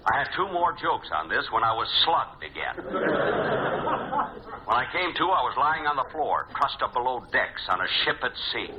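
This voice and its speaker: A man hosting and narrating a 1950s radio comedy, with a dry, deadpan delivery and pauses for laughs. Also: mid-range voice. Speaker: comedy show host and narrator. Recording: hissy dull old radio recording.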